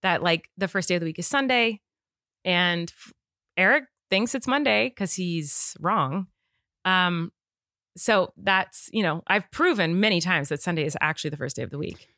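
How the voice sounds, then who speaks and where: A woman co-hosting a podcast in casual chat, talking in an animated way and quick to insist she is right. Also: fairly low pitch, no room sound, clean studio sound. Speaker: podcast co-host.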